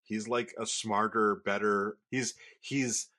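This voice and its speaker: A man's voice: on the low side, steady tone, slow, pushed and bright. A man in his thirties co-hosting a podcast, telling stories about his son in a rambling casual way with many restarts. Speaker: podcast co-host. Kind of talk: casual chat.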